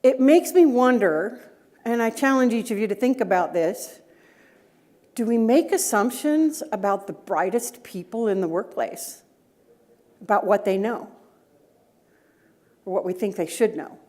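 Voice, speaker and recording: Middle-aged woman speaker, mid-pitched, tells anecdotes and checks in with the audience. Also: expressive, a little slow, long pauses, warm tone. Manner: storytelling, asks the audience rhetorical questions. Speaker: conference speaker, data governance director. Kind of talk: conference talk with personal anecdotes. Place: conference breakout room.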